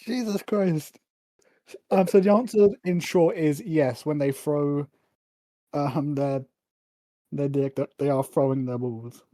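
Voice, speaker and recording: A man's voice: on the high side, slow pace, pauses often, dark tone, no echo. A man co-hosting a casual podcast, blunt and stubborn, swearing freely. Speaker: podcast co-host.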